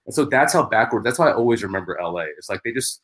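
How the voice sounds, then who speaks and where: A man's voice: medium pitch, animated, rapid-fire, fairly bright tone. A man who is a comedian, telling stories animatedly as a podcast guest, with many restarts. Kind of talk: casual podcast chat.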